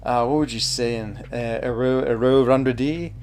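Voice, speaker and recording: A man's voice: mid-range voice, steady tone, moderate pace, a little hiss or hum. A man chatting casually while streaming a mobile game, thinking aloud, answering chat and laughing easily. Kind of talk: casual live gameplay commentary.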